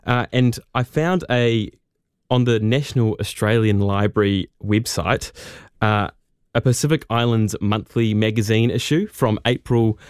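A man's voice: fairly low pitch, measured pace, clean tone, no echo. Casual nz radio guy telling a story, lots of ums, dry close mic. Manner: chatty, informal, with fillers. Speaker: radio producer. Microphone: studio microphone.

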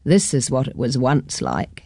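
A woman reading a storybook, voicing a gentle old grandmother who softly recalls her childhood. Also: extremely low pitch, huge pitch swings, husky, no echo, clean studio sound, pitched below the performer's own voice, exaggerated voice. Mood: reminiscing. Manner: slow, soft, reminiscing.

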